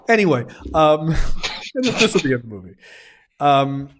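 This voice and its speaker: Animated man recapping film scenes. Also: on the high side, moderate pace. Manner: animated, recaps scenes acting out characters' lines. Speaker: film review podcast co-host. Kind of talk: casual film review chat.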